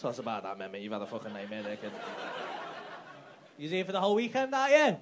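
A man's voice: mid-range voice, lively intonation, fast talker, noisy background. A man doing brash, sweary stand-up crowd work in a comedy club. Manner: brash, sweary banter with the audience. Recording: live club with loud crowd laughter.

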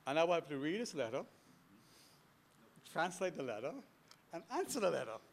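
Animated older Bahamian man telling stories. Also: fairly high pitch, moderate pace. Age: 70s. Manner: animated, anecdotal, chuckling asides. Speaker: guest speaker. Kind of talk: storytelling history lecture. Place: lecture hall before an audience.

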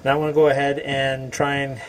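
A man's voice: mid-range voice, completely flat delivery, fairly quick, background noise. A man hosting a homestead channel, talking viewers through a car repair in his garage in a chatty, self-mocking way while he works. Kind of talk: casual DIY repair tutorial. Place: home garage beside a car.

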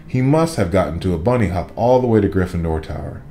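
Man, low voice, reads a kids' book aloud, animated delivery. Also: fast talker, vocal fry. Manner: lively, expressive narration. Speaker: reader. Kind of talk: storybook read-aloud.

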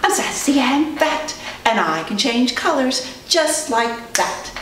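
Sassy plump cat voiced by a woman, sing-song, lively pitch, far-off mic, faint hiss. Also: slow pace. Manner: cheerful, sing-song rhyme. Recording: roomy distant recording, faint noise.

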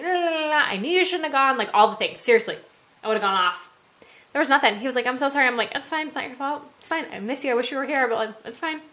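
Animated, bright-voiced woman podcaster. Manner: animated, acts out quotes with sudden jumps in pitch and volume; frank, swears casually. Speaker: podcast host. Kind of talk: casual solo podcast talk.

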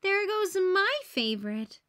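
A woman voicing a cheerful young girl in a read-aloud picture book, with a bright, bouncy delivery. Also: very high voice, big pitch swings, takes it slowly, pitched above the performer's own voice, exaggerated voice. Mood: chirpy.

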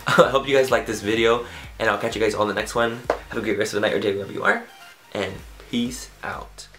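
A man's voice: lowish voice, fairly even intonation, quick pace, over music. Bubbly rambling man vlogging. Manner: bubbly, rambling, self-mocking, swears offhandedly. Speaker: beauty vlogger. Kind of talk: casual chatty outro and bloopers.

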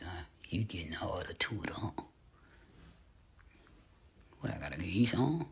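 Husky, forceful middle-aged woman ranting. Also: a bass voice. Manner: rambling, jumps between hushed asides and loud outbursts; crude and profane. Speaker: livestreamer. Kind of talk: unscripted livestream rant. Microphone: phone.

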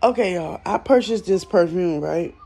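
A woman's voice: lowish voice, moderate pace, gravelly, dark tone. Chatty Southern woman vlogging from bed. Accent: Southern American. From Southern United States. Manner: chatty, blunt, swears freely. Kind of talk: casual vlog chat. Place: at home, in bed.

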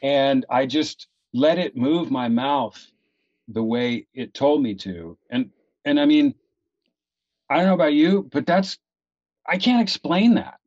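Animated middle-aged man, lo-fi recording. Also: medium pitch, measured pace, dry recording. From Los Angeles. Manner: animated, swears freely, acts out his inner dialogue. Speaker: guest actor. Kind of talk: casual storytelling in a podcast interview. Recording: dull lo-fi recording.

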